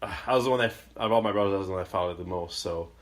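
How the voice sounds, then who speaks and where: A man in casual podcast chat, telling an embarrassing story and shouting loud impressions of his angry father. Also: deep voice, rapid-fire.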